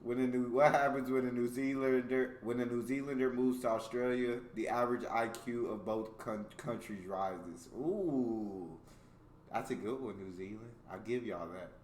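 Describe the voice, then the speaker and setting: A man's voice: medium pitch, fairly even intonation, normal speed, hardly any pauses, reverberant. An American man hosting a reaction video, reading jokes aloud in casual commentary and laughing often between them. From United States.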